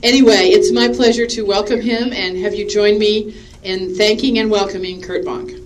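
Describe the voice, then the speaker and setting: A woman moderating a conference session, giving a measured, formal introduction of the speaker. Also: mid-range voice, steady tone, heavy background noise. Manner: measured, formal, read from notes. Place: conference hall.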